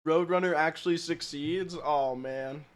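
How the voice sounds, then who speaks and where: A man's voice: on the high side, steady tone, unhurried. A man streaming live, chatting casually, poking fun at himself and answering his chat. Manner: joking, self-mocking, reacts to chat.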